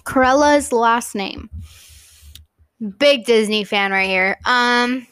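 A woman's voice: on the high side, slow pace, fairly bright tone, clear, resonant tone. A tipsy woman co-hosting a podcast, giggling as she reads trivia aloud in casual chat. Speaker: podcast co-host.

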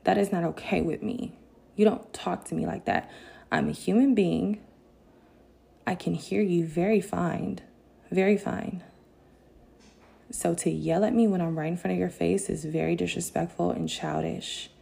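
A woman vlogger telling a candid story time to her viewers, casual and animated, with bursts of indignation. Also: fairly low pitch, a little slow, creaky, pauses often.

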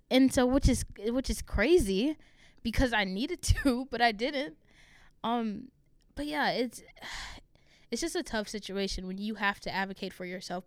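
A woman's voice: medium pitch, smooth, dry recording, studio quality. A young woman, a college student, talking candidly and frankly about hard personal experiences, swearing freely. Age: young adult. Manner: open and frank, swears freely, fast asides.

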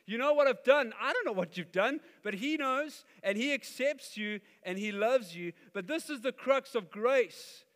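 High-voiced male preacher in a hall. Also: measured pace, few pauses. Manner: animated preaching, acting out quoted voices. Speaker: pastor. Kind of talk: sermon. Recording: long hall reverb.

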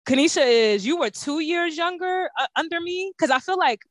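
A woman in her thirties hosting a podcast, chatting casually with lively, profane banter. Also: very high voice, moderate pace, no echo. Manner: animated, profane, laughing banter. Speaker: podcast host. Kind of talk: casual chat.

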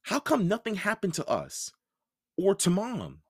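A man's voice: high-pitched, wildly swooping pitch, measured pace, breathy edge, dry recording, studio quality, voice pushed up, heavily acted. A man reading a storybook aloud, voicing a doubtful young boy who keeps asking questions. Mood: puzzled.

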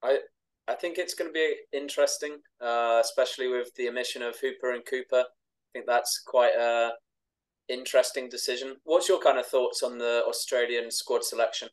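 Male podcast host, even monotone delivery, measured and scripted-sounding questions. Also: medium pitch, poor audio. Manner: measured, reads prepared questions. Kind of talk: interview questions.

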